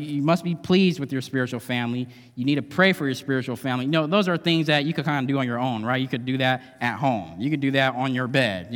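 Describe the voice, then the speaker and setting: A man's voice: mid-range voice, fairly bright tone. A male guest preacher giving a conversational, emphatic sermon in a church, often adding tag questions. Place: church sanctuary. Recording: long hall reverb.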